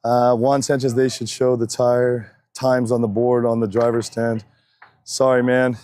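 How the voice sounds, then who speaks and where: A man's voice: medium pitch, little pitch movement, a little slow, clear, resonant tone. A man announcing races on a live stream from an outdoor track, joking and chatty, wearing a body mic, a bit out of breath. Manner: joking, chatty, loud calls to the crowd. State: slightly out of breath. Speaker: race announcer. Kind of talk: casual live-stream commentary. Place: outdoor drag racing track. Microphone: wireless mic worn on body.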